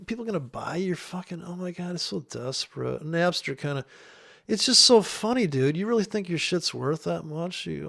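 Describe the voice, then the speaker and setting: A man's voice: on the high side, animated, a little fast, gravelly, a bit bright. An older man running a forex trading channel, ranting with profanity and mockery in a rambling, scornful way while trading. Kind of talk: ranting commentary over live trading.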